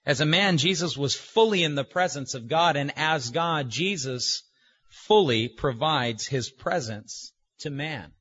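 Slow, emphatic husky male preacher. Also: on the high side, a bit bright. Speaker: pastor. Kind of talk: sermon. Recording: dull lo-fi recording.

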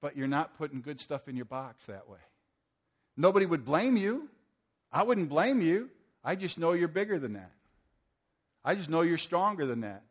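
A man's voice: a little high, sing-song, normal speed, pauses often. An older man preaching a sermon to a church audience, earnest and asking the room questions.

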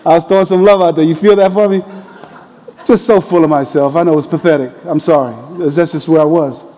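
A man preaching a sermon, telling a personal story in a conversational, animated way. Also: on the high side, brisk, big-room sound, rough recording. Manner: conversational, animated retelling with quoted voices.

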